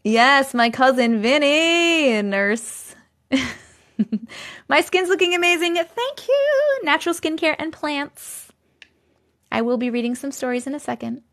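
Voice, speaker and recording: A woman's voice: sits high, expressive, a little slow, long pauses, fairly bright tone. A woman hosting a livestream from her basement on a regular microphone, chatting casually, laughing often and thanking viewers as she reads their comments aloud. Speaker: livestream host. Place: home basement.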